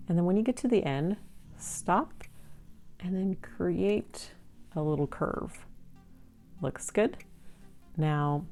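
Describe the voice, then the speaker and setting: A woman art teacher walks children through a drawing one slow step at a time, her voice low and gravelly. She keeps a gentle, patient manner, and soft music plays faintly behind her.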